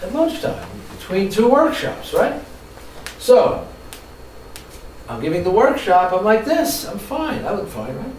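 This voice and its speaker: A man's voice: sits high, measured pace, a little hiss or hum. A man giving a training workshop lecture to a live audience, telling stories and asking the room questions. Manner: animated storyteller, asks the audience questions. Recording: echoey room, mic from far off.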